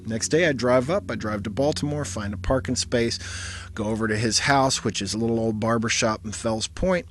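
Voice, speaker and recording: A man's voice: mid-range voice, normal speed, slight background noise. A man telling a personal story in a wry, conversational manner with vivid detail.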